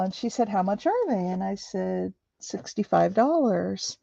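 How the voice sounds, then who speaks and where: A middle-aged woman runs a crafting livestream, rambling through casual stories with plenty of fillers as she works. Her gravelly, medium-pitched voice has lively intonation and a slow pace. The sound is dry, a bit dull, echo-free, like a home setup.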